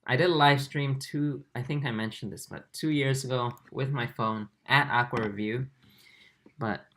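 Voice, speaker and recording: Easygoing young man with Aussie-tinged accent. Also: mid-range voice. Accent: Australian-tinged English. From Japan and Singapore. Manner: relaxed, easygoing, many fillers and restarts. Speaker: aquarium channel host. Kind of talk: casual livestream chat reading comments. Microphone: laptop mic.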